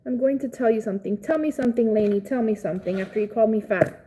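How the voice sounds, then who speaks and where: A Cuban woman hosts a casual livestream, reading and answering viewer comments in a blunt, profane, outspoken way. Her voice is on the high side and quick, with a noisy background.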